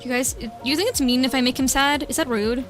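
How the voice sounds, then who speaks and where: A woman's voice: high voice, fairly quick, soft background music. A young woman streaming at home, chatting casually with viewers while she draws and cooing at her cat. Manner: bubbly, chatty, coos baby talk at her cat. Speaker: vtuber streamer. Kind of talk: casual livestream chat while drawing. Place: home room.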